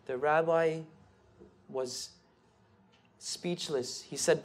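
A rabbi telling a story in a sermon, animated and building excitement. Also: male voice, fairly high pitch, a little slow. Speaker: rabbi and speaker.

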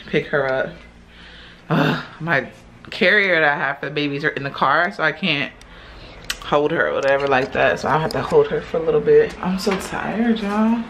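Speaking in a deep voice with a fairly bright tone, this young mom vlogger chats casually into a handheld phone camera at home, surrounded by her babies. She addresses her audience as "y'all," and the recording has plenty of household noise.

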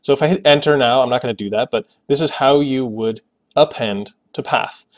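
Male tech tutor narrating a screencast, relaxed and explanatory, ordinary mid-range voice. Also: medium pitch, brisk. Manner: casual, explanatory, joking asides. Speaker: Linux tutorial host.

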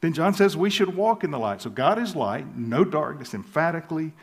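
A man preaching a sermon as pastor, earnest and measured, slowing down for emphasis and chuckling lightly now and then. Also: a little high, very animated. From southern United States.

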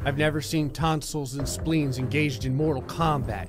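A man giving comedic, sarcastic commentary over a life-simulation game, often slipping into quick voices for the pets. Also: fairly high pitch, fairly even intonation, faint music behind. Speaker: gaming commentator.

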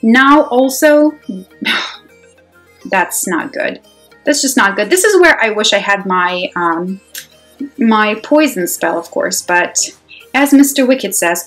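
A woman giving live commentary on her own mobile game, excitable and talking to herself, swinging from loud exclamations to quiet muttering. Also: medium pitch, a little slow, rough recording. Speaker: mobile game player and channel host. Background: faint background music.

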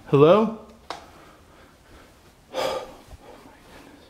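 A man's voice: mid-range voice, measured pace, pauses often, very noisy. A man filming a ghost-hunting vlog alone inside an abandoned house, nervous and jumpy, swearing often. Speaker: paranormal investigator vlogger.

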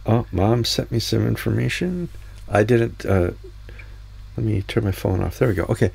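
Guy hosting a chatty news show, low gravelly voice, dry close sound, rambles w lots of ums. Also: normal speed, darkish tone, dry recording. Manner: rambling storyteller with many fillers. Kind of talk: casual chat.

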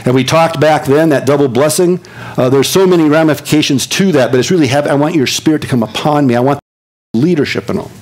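An older man preaching a sermon as pastor, telling stories with lively swings from excited high tones to low hushed earnestness. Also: low-quality recording.

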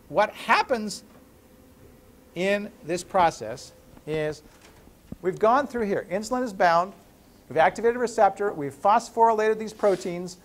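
A man lecturing in a classroom as a university professor, playful and animated, breaking up the lesson with jokes. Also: high-pitched.

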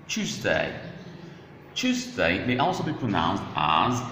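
A man with an English accent teaching pronunciation, repeating each word slowly and deliberately with varied intonation. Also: mid-range voice, big pitch swings, a bit bright. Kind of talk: slow, deliberate pronunciation drill. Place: echoey classroom. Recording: roomy echo, long reverb, faint hiss.

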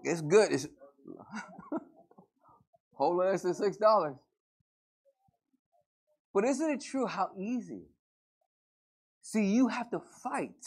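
A male pastor preaching a lively, joking sermon to a congregation and acting out everyday scenes. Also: high-pitched, slow, long pauses, slightly rough. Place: church service before a congregation.

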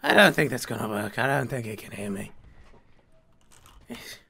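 A young man gaming, loudly swearing and joking through in-character banter with shouted outbursts. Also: mid-range voice, very animated, normal speed, creaky, breathy edge. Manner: loud, crude and swearing, with over-the-top shouting outbursts. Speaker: gamer. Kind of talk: profane in-character gameplay banter.

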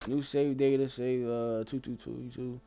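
A man's voice: mid-range voice, little pitch movement, unhurried, gravelly, dull audio, noisy background. A young man giving let's play commentary in a profane, frustrated rant. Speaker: gamer.

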